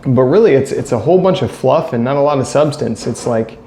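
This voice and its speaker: A man rants casually and bluntly to camera, circling back to his points. His voice is mellow and sits at a middle pitch. The room is echoey with a faint hum of ambient noise behind him. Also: animated, fairly quick. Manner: blunt, critical, repeats himself. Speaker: vlogger.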